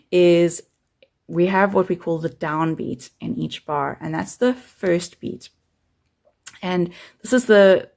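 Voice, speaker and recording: Low-voiced woman with vocal fry, patient music teacher, counts beats aloud. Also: darkish tone. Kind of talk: keyboard lesson.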